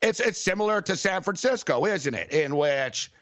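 Man co-hosting a sports talk show, excitable and animated, slightly high voice on a dry mic. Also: normal speed, dry recording.

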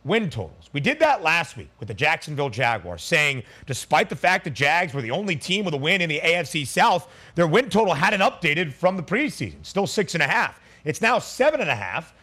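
A man hosting a sports betting radio show, briskly rattling off odds and numbers. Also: a little high, big pitch swings, bright, forceful tone, husky.

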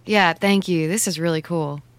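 A woman's voice: lowish voice, normal speed, smooth, no room sound, lightly acted. A woman playing a bubbly young woman. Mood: playful. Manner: bubbly, laughs easily. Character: young woman on a weekend trip, worried girlfriend.

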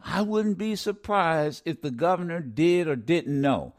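A man's voice: a little high, unhurried, few pauses. A man hosting a call-in radio talk show who challenges and scolds callers, his voice rising as he gets worked up. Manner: lively, interrupts and scolds callers, voice rising when angry.

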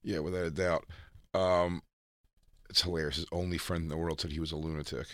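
Low-voiced man joking on a podcast. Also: level tone, a little fast, no room sound, clean studio sound. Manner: joking, reads news items aloud. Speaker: podcast co-host. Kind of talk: casual comedy chat.

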